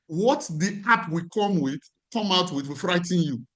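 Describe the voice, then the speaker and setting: A man's voice: high voice, animated, moderate pace, a bit bright. A man with a Nigerian accent, a life coach teaching a class in an emphatic way and repeating his key phrases.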